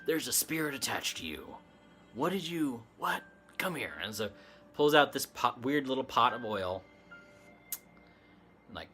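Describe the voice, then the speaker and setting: A man's voice: lowish voice, sharp tone, slight background noise. A man hosting a casual livestream chat, telling a story in a rambling way, laughing often and using plenty of fillers. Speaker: livestream host.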